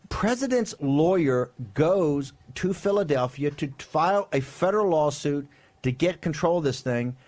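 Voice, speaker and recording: A man's voice: fairly high pitch, a little mellow. A man hosting a political talk show, delivering fiery commentary, emphatic and rhetorical, with frequent tag questions. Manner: emphatic, rhetorical, keeps asking "right?".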